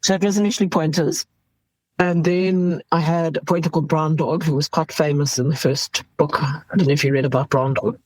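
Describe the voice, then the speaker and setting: Middle-aged South African woman, ER doctor guest; husky, candid, animated storyteller, dry close sound. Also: low voice, brisk, dry recording, rough recording. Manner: animated, laughs while telling stories.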